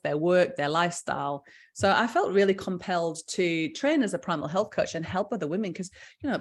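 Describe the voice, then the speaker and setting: A middle-aged woman, chatting enthusiastically through a live session as its founder and health coach. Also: on the low side. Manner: chatty, enthusiastic, with fillers and frequent laughs. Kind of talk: casual live presentation.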